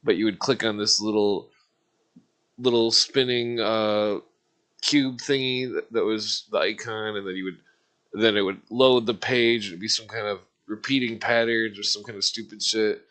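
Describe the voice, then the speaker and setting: With a lowish, fairly bright voice, fairly even intonation and a moderate pace, a streamer in his forties rambles through a casual rant for his livestream viewers. He swears all the time and keeps laughing at his own jokes.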